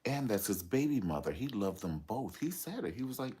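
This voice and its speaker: A man's voice: on the low side, big pitch swings, a little fast, few pauses, mellow, breathy edge. A man giving sassy, dramatic commentary on reality TV gossip, telling the story with playful asides.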